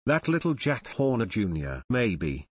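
A man voicing an egg-shaped schoolkid who answers low and haltingly in an audiobook. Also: sing-song, husky, exaggerated voice. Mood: defensive. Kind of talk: audiobook character reading.

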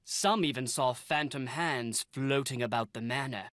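A man's voice: mid-range voice, a little slow, a bit bright, dry recording, studio quality, close to an everyday voice. An actor playing a formal, lecturing male historian in a video game, speaking. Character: pompous English male historian, scholarly. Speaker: researcher character.

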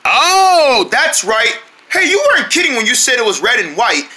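A performer voicing excitable cartoon deer friends. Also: mid-range voice, normal speed. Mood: curious. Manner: shifts between several playful voices.

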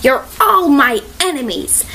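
A woman's voice: a little high, normal speed, a bit bright, slight background noise, close to an everyday voice. A woman voicing an agitated, quarrelsome elderly male caretaker who insists and accuses.

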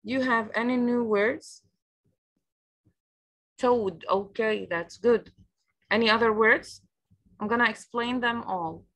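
A woman's voice: fairly high pitch, takes it slowly, pauses often, fairly bright tone. A woman with an Egyptian accent teaching an online English lesson over a video call. She repeats each new word several times and explains it in Arabic.

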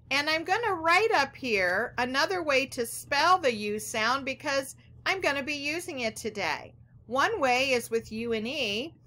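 幼い子どもたちに語りかける女性の先生。ゆっくりと優しい話し方で、少し高めの明るく張りのある声。. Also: female voice, sits high. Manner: slow, gentle, talks directly to young children. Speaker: teacher. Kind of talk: children's phonics lesson.

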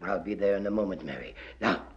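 A comedian voicing a smug, wealthy male politician who speaks slowly and halts with ums and ahs. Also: low voice, expressive, voice pushed down. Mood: pompous. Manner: slow, hesitant, full of ums and ahs. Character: smug rich male politician, pompous and halting. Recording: dull old lo-fi recording.

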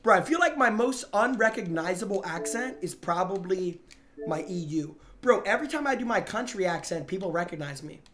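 A young man streaming a game, chattering excitedly to his chat in slangy, excitable commentary. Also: high-pitched, a little fast. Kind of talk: live gaming commentary.

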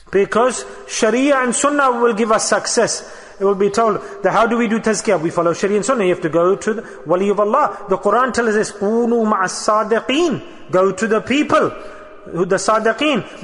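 High-voiced older man preaching in a hall. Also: fairly bright tone. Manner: preaching with repetition and rhetorical questions. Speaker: sheikh. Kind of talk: sermon.

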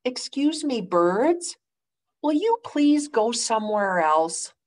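Lady doing a nervous elephant guy from a kids storybook, anxious questions, pitch jumping all over, unhurried. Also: very animated, heavily acted. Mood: worried. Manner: anxious questioning, loud exclamations. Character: worried, cautious male elephant.

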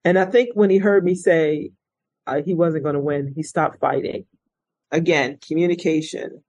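This middle-aged interview guest, a retired state police officer, narrates her life in an earnest, reflective, conversational way and brightens up when quoting others. Her low voice comes through dull audio without any echo.

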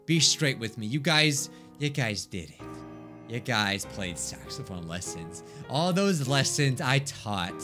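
A man's voice: medium pitch, big pitch swings, a little slow, music in the background. A young man hosting a let's play, reading visual novel text aloud with dramatic, exclaiming reactions. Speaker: gaming let's play host.

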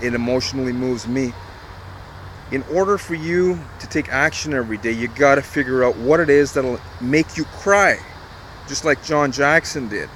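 A man's voice: mid-range voice, fairly bright tone. Man, casual motivational vlog storytelling, emphatic, repetitive, speaks straight to viewers, outdoors, faint traffic hum. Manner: emphatic and repetitive, addresses viewers directly, mild swearing. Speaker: online marketer.

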